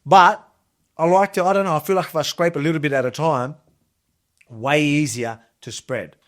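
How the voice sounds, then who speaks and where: An Australian man in his thirties talks his way through a casual kitchen demo, rambling and enthusiastic as he goes. His voice sits a little on the high side for a man. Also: steady tone, normal speed, a bit bright. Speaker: cooking video host.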